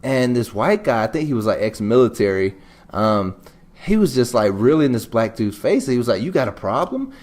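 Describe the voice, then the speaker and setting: A man's voice: medium pitch, moderate pace. Chatty man with a mid-range voice. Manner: relaxed, conversational, many "you know" asides. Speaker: podcast co-host. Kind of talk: casual news chat.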